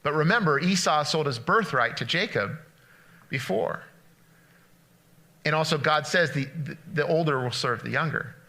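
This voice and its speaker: A man preaching a casual, story-driven sermon in a bright, forceful voice pitched a little high. He talks in quick bursts and often restarts his phrases as he acts out the story. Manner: animated storytelling with frequent restarts. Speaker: pastor. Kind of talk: conversational sermon, retelling a story.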